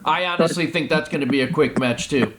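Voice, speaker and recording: A man's voice: a little high, a little fast. A man hosting a podcast in casual chat, laughing often and moving things along. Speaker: podcast host. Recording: noisy podcast recording.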